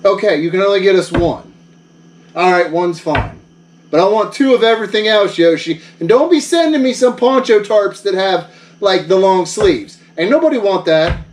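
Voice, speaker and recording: A man's voice: high-pitched, lively intonation, normal speed, darkish tone, far from the mic, slight background noise. A man who runs a vlog, bragging and bossing people around in a jokey one-sided phone call. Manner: boastful, mock-bossy, joking. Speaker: vlogger.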